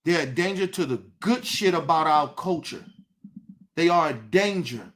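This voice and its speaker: A man hosting his own show, delivering an impassioned, profane commentary rant that swings between shouting and low, intense talk. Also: lively intonation, normal speed. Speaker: show host.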